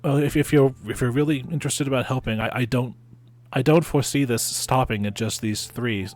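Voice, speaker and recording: A man voicing a grave, hesitant female tiefling townswoman in a tabletop game, talking haltingly and earnestly. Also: medium pitch, a little mellow, faint music behind, lightly acted.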